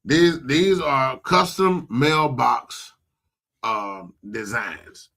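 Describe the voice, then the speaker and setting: A man hosting a casual live stream from a home computer setup, talking about side businesses in an animated, incredulous way with lots of restarts. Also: medium pitch, very slow, creaky. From Florida. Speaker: host.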